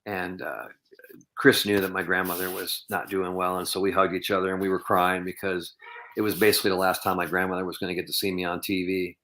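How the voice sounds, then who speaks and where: Man, podcast guest, monotone delivery, crisp bright tone, anecdotal, earnest. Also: sits low, fairly quick, slight background noise. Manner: rambling anecdotal, heavy with "you know" and "um". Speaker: podcast guest, professional bowler. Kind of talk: podcast interview storytelling.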